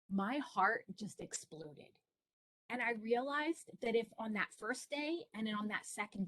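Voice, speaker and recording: A woman's voice: on the high side, animated, a little slow, fairly bright tone. A middle-aged woman presenting to parents over a video call, telling personal stories in an earnest, encouraging way. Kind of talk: online presentation for families.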